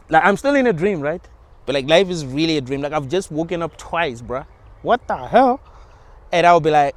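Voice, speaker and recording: A man's voice: fairly high pitch, expressive, quick pace. A young man talking in a rambling, informal monologue about spirituality, with slang and frequent restarts. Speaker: channel host.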